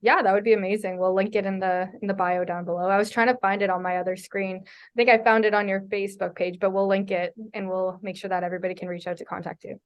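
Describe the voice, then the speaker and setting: A woman's voice: medium pitch, level tone, quick pace. Woman co-hosting a sales podcast. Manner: friendly, reflective, uses "like" a lot. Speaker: podcast co-host. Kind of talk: conversational podcast interview.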